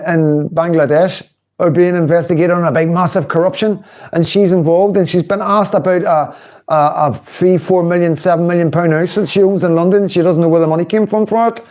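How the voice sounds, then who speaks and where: A man's voice: fairly high pitch, darkish tone. A middle-aged man, hosting a casual livestream, chatting and laughing while he mocks politicians. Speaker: livestream host.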